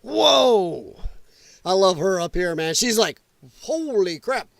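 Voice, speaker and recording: A man's voice: sits high, sing-song, slow, vocal fry, a bit bright, no room sound. A man hosting a casual livestream, talking loosely and bluntly and laughing at clips. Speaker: livestream host.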